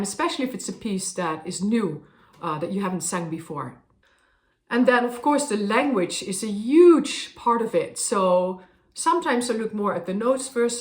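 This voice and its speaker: A woman opera singer thoughtfully explaining how she prepares a role, with frequent fillers. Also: mid-range voice. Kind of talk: explaining her craft to camera. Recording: roomy echo.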